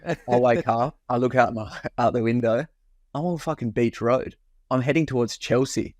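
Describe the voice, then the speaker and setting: A man's voice: medium pitch, fairly even intonation, moderate pace, no echo, clean studio sound. A young man, co-hosting a podcast and telling a rowdy night-out story in casual chat, swearing freely and acting out his own past lines. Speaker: podcast co-host.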